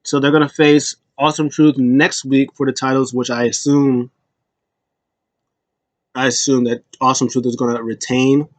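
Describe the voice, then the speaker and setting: A man's voice: mid-range voice, level tone, moderate pace, no room sound. A man casually recapping a wrestling show, rambling with restarts and small chuckles.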